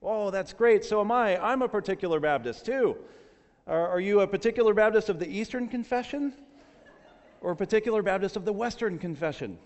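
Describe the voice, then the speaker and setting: Eager climber who keeps quizzing, played by a man, voice pushed higher, long hall reverb. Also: expressive, a little fast, muffled recording. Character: eager, chatty male mountain climber, fussy about doctrine.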